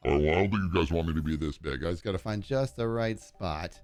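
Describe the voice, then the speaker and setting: A man streaming a game live, telling excitable stories to his chat and narrating his play, his voice turning growly when he gets loud. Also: low-pitched, fast talker, no room sound, soft background music. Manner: excitable storyteller, talks to chat while playing.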